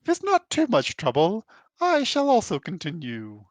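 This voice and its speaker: A man's voice: sits high, wildly swooping pitch, moderate pace, no room sound, pitched above the performer's own voice. A man voicing a flustered, pompous scholar with a put-on pompous British accent and a stiff, formal drawl.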